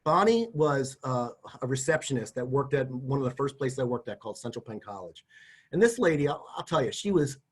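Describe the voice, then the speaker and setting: A man's voice: medium pitch, animated, fairly quick, breathy edge. A middle-aged man giving practical job interview advice in a conversational, folksy way, often acting out sample lines. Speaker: career services presenter. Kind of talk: instructional talk.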